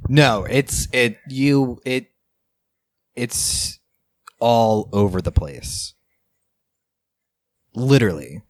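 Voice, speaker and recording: A man co-hosting a casual movie commentary, agreeable and quick with short replies. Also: medium pitch, dry recording.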